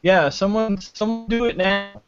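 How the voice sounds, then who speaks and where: A man hosts a live panel show over a video call from his home, his voice sitting a little high. He talks casually and haltingly, stopping and restarting with many fillers. The sound is dull and lo-fi, with glitches from a shaky connection. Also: steady tone, soft background music. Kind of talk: casual hosting, introducing panel and trivia. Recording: dull lo-fi glitchy internet audio.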